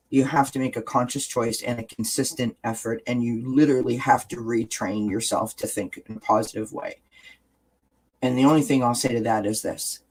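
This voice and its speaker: A man hosts a casual wellness chat, addressing viewers directly in an earnest, encouraging way and repeating key phrases. His voice is mid-range, and the audio quality is poor.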